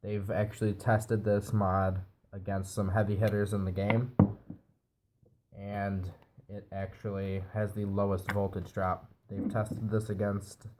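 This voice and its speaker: A man's voice: fairly low pitch, unhurried, background noise. A man with a nasal, stuffy voice from a cold, casually reviewing a device while he assembles it. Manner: relaxed, explains while assembling. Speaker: product reviewer.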